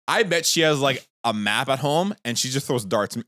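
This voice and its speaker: A man's voice: medium pitch, moderate pace, no echo. A man in his thirties co-hosting a casual podcast, telling family stories with laughter and acted-out quotes. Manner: animated storyteller, acts out quotes with laughter. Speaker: podcast co-host. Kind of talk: casual chat.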